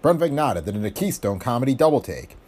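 Husky-voiced man narrating hardboiled pulp. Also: mid-range voice, very animated, a little mellow. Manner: wry, brisk first-person delivery with slangy tough-guy patter. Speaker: audiobook narrator. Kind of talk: scripted narration of a hardboiled pulp detective story.

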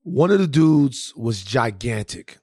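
A man from Louisiana co-hosting a podcast and telling a story in casual, profane, animated chat with many restarts. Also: mid-range voice, slow, husky, no echo, studio quality. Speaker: podcast co-host.

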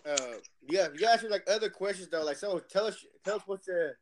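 A man's voice: sits high, quick pace, a little hiss or hum. A man co-hosting a podcast in casual chat, loose and slangy, often chuckling. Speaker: podcast co-host.

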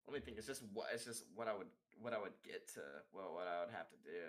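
A man's voice: quick pace, hardly any pauses. A young man, a musician guest on a podcast, talking casually and rambling with filler words and swearing. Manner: rambling, casual, swearing, demonstrates singing in high falsetto.

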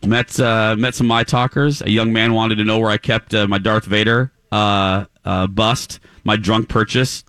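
A man's voice: on the low side, unhurried, few pauses, no room sound, clean studio sound. A man hosting a morning radio show, telling a long story casually and acting out the voices of the people in it. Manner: animated, acts out voices in anecdotes. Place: live remote broadcast at a clinic.

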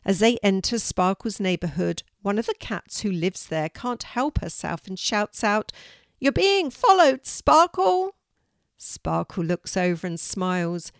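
An older woman narrating a children's story in a calm, steady storytelling manner. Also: lowish voice, a little slow, few pauses, no echo, clean studio sound.

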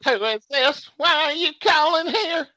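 A man voicing his alarmed, shrill, preachy churchgoing mother. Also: measured pace, pushed and bright, exaggerated voice.

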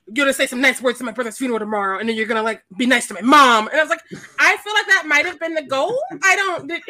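A woman co-hosting a podcast, chatting casually about a film, animated and quick to laugh as she acts out lines. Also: very high-pitched. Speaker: podcast co-host. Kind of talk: casual chat.

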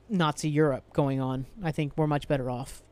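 A man's voice: on the high side, fairly even intonation, unhurried, a little mellow. A young man hosting a solo podcast, ranting angrily and profanely with frequent sighs and restarts. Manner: angry, profane, rambling rant with sighs. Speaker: podcast host.

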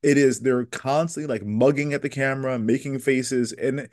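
A man's voice: medium pitch, steady tone, moderate pace, darkish tone, dry recording, clean studio sound. A man co-hosting a podcast, mocking a film in sarcastic, profane casual chat. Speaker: podcast co-host.

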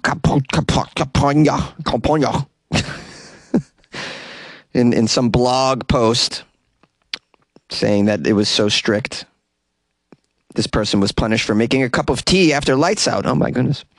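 Wisecracking male podcast host, mid-pitched, riffing casually, dry closet sound. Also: no room sound. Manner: wisecracking, stumbles over foreign words. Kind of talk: casual comic monologue. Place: small closet.

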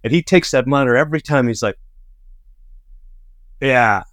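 Animated storytelling man, dry sound. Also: mid-range voice, racing, no room sound. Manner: animated storyteller who acts out quoted people. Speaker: podcast co-host. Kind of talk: casual chat, anecdotes.

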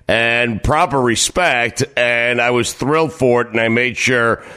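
A man's voice: mid-range voice, measured pace, pushed and bright, clean tone. A man co-hosting sports radio, bragging in a mock-pompous way. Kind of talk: comedic sports radio banter.

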